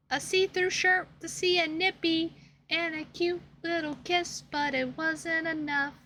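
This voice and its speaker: A woman streams from her home setup, reacting to a game with dramatic, exasperated whining and plenty of swearing. Her voice sits high and bright, and she stretches her words out at an unhurried pace. A faint hum sits under the desk mic. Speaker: gaming streamer.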